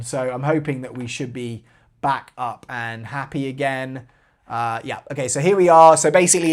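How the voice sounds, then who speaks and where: Chatty man hosting a live stream. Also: mid-range voice. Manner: chatty, reads out viewer comments. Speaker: airsoft channel host. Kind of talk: casual live stream chat.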